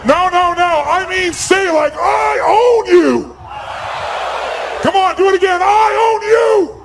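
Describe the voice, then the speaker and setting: A man giving a motivational seminar speech to a live audience, loud and commanding, often shouting and firing questions at the crowd. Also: very high-pitched, a little hiss or hum, poor audio. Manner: asks the audience rapid questions. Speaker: motivational speaker.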